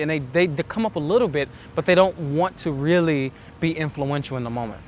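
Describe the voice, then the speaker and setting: A man's voice: on the high side, fast, a little hiss or hum. A man giving earnest, reflective dating advice as a coach, acting out the self-talk he describes. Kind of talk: instructional monologue.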